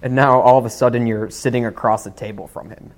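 A man's voice: mid-range voice, steady tone, quick pace. Male interviewer with a mid-range voice. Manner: curious, conversational questioning. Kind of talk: interview questions.

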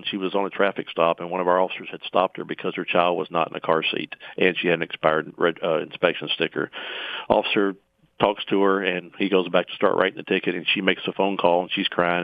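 Low-voiced man on a tinny phone line. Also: no echo. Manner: earnest, many restarts. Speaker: police union representative. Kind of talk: interview guest.

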